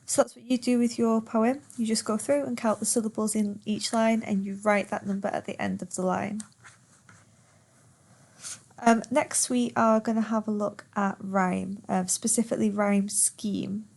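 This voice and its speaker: A woman's voice: medium pitch, fairly even intonation, normal speed, vocal fry, darkish tone. A woman teacher in a poetry lesson who reads verse aloud and patiently repeats words to count their syllables.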